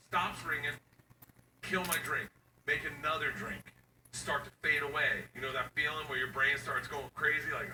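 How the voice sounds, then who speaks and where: Brief: male stand-up comic, high voice, rowdy shouter, recorded far off in an echoey club. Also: normal speed, pauses often. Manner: loud, shouting punchlines and acting out his kids. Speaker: stand-up comedian. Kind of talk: stand-up comedy set. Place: live comedy stage. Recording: echoey venue from far off, noisy.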